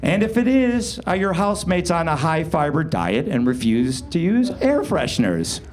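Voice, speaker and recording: Man, lively pitch, slightly high voice, live stage storytelling. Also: moderate pace. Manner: wry, animated delivery with sudden loud outbursts. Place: live show venue.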